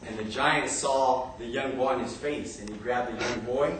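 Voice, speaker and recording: A young man telling a comic story to a live audience, animated and often laughing. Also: mid-range voice, moderate pace, hardly any pauses, background noise. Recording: echoey room, far from mic, audience.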